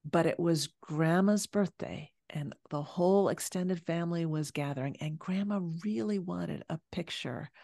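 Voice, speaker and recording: A woman psychologist giving advice in an interview, explaining in a calm, measured way. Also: lowish voice, gravelly, no room sound. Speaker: psychologist guest.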